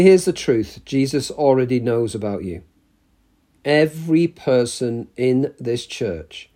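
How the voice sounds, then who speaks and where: Slow, warm-voiced male preacher. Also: medium pitch. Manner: slow, measured delivery with emphatic pauses. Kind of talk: sermon. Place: church.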